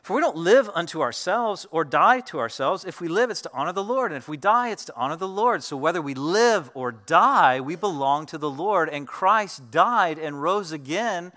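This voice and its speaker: A man in his thirties preaches to his congregation with a bright, forceful voice pitched a little high. He tells stories in a relaxed, conversational way, full of fillers and asides. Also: normal speed, hardly any pauses. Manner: conversational storytelling with many fillers. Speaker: pastor. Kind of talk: sermon.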